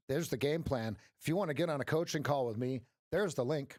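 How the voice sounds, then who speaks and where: Man coaching live trades, voice going hoarse. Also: mid-range voice, fairly quick, dry recording, clean studio sound. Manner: energetic, talks straight to viewers with frequent "right?". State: losing his voice. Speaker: trading coach. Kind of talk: live-stream trading commentary.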